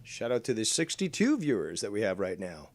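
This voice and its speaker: A man's voice: lowish voice, very animated, a little fast. A man arguing on a livestream in a sarcastic, mocking manner. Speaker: livestream commentator. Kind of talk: livestream argument.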